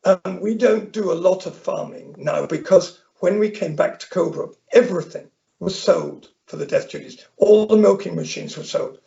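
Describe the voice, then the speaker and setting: Older man, from Northern Ireland, very gravelly, high-pitched, dull lo-fi sound. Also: moderate pace, warm tone. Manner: rambling anecdotal, self-correcting restarts. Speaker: interview guest. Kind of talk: conversational storytelling. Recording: dull lo-fi audio.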